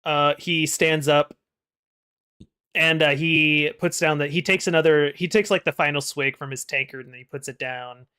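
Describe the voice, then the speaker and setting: A man running a tabletop game as game master, narrating in a relaxed way with many fillers. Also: a little high, moderate pace, clean tone.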